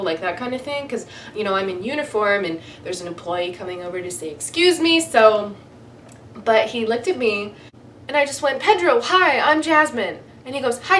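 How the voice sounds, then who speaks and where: A young woman chats through a storytime at a middle pitch. She tells it in an excitable, animated way and fills it with likes and you-knows. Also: far from the mic. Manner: excitable, animated, full of fillers. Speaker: vlogger telling a story. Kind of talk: casual storytime.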